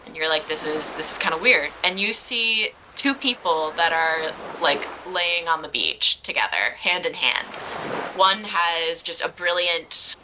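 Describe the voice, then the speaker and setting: A woman's voice: fairly low pitch, expressive, a little slow, noisy background. A woman running a tabletop game as game master, describing scenes with lots of fillers. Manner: meandering, filler-heavy description.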